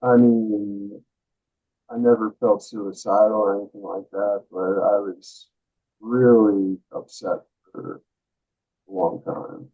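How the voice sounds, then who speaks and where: Soft-spoken guest man, low flat creaky voice, halting answers, tinny phone-line audio. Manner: hesitant, soft-spoken, many "uh"s. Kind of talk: casual interview answers. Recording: phone-like remote call audio.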